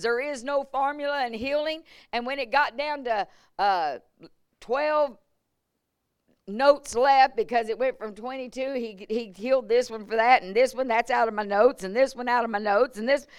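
Smooth-voiced woman preaching with big swings. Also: fairly high pitch, normal speed, no echo, studio quality. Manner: swings from hushed storytelling to shouted emphasis. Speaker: evangelist preacher. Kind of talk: revival preaching with stories. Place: church service.

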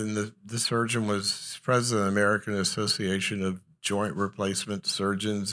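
Bright-voiced man telling stories. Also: fairly low pitch. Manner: animated, acts out dialogue in anecdotes. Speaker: psychologist and speaker. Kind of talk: humorous storytelling talk to a live audience.

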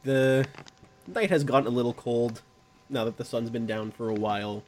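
A man narrating a tabletop game as game master, slow and descriptive, with pauses and fillers. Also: mid-range voice, steady tone, a little hiss or hum.

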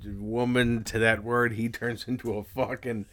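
A man's voice: mid-range voice, level tone, moderate pace, fairly bright tone. A man, podcast co-host telling a rambling story in casual chat, stammering and swearing a lot.

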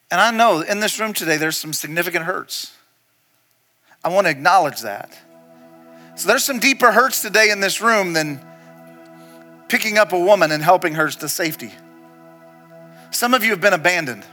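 A man preaching a sermon to a church hall, telling a story and often dropping into a soft, intense hush for emphasis. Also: high-pitched, a little fast, faint music behind. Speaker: pastor.

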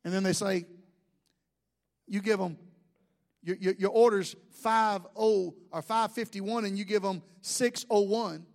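A man's voice: high voice, fairly even intonation, measured pace, vocal fry, darkish tone. A man, a pastor, preaching a sermon with jokes and asides to the congregation.

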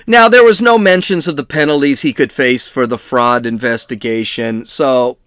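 A man's voice: medium pitch, moderate pace, fairly bright tone, clean tone, no room sound, studio quality. A middle-aged man hosting a podcast, reading news stories and riffing on them with wry, sarcastic asides. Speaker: podcast host. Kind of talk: comedic news commentary.

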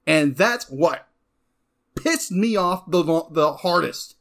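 Male co-host, fairly high voice, heated ranting film talk. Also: animated, slow pace, fairly bright tone. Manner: heated, ranting, voice swings up when angry. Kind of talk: passionate film review chat.

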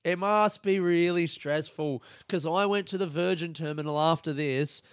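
A young man hosting a podcast, telling a comedic story in an animated, sweary way and acting out other people's lines. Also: a little high, normal speed, clean tone, dry recording, clean studio sound. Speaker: podcast host.

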